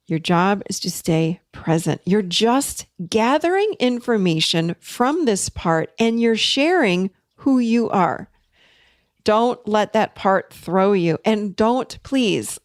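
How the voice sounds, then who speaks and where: A woman's voice: medium pitch, very animated, vocal fry, no echo, clean studio sound. A woman in her forties hosting a podcast, talking in an earnest, coaching way as a therapist. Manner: earnest, coaching, speeds up and slows down. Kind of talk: teaching podcast talk.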